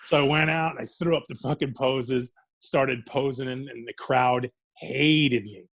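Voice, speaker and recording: A middle-aged New York man, a wrestler guest on a casual interview, tells profane, rambling wrestling anecdotes and laughs through them. His voice sits in the mid range and moves a little slowly.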